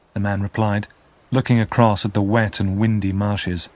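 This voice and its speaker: A man's voice: lowish voice, moderate pace, no echo. A man narrating an audiobook expressively. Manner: expressive, lively. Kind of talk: scripted narration.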